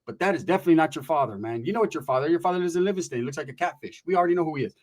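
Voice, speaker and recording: A man telling a comic story in an animated, profane, slangy way. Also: on the high side, racing. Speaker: comedian storyteller.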